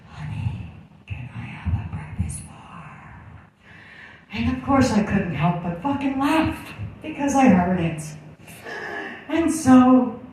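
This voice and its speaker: A woman's voice: on the low side, warm tone, slight background noise. Sarcastic, crude woman comic, echoey. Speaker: comedian. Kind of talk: stand-up storytelling. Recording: echoey room from far off.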